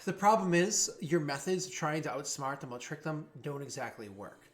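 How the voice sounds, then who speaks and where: Male game master, slightly higher voice, rambling casual narration, drops into raised jeering voices for thugs. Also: expressive, moderate pace. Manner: rambling, many fillers and restarts.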